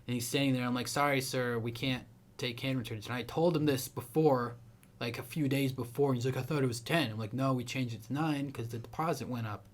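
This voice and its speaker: A young man co-hosting a podcast, swearing a lot and telling stories with loud acted-out lines. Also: mid-range voice, brisk. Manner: crude, swearing, animated storytelling; acts out angry people with a raised voice. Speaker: podcast co-host. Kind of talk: casual chat.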